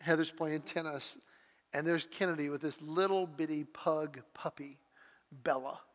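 A man with a notably high voice delivers an earnest, heartfelt sermon and tells personal stories as he builds in intensity. His words ring out with a long reverb, the way sound carries in a large church hall. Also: steady tone, measured pace. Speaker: pastor.

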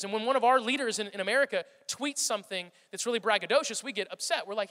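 High, bright-voiced preacher in a hall. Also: male voice, very fast, few pauses. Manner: conversational, repeats words, storytelling. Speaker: pastor. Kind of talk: sermon.

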